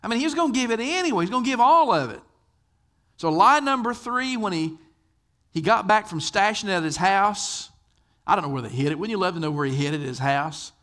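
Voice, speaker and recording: A man's voice: sits high, lively intonation, a little fast, pushed and bright. An older man preaching a sermon, telling stories in a conversational way and asking his listeners questions. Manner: conversational storyteller, asks the audience questions. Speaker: pastor.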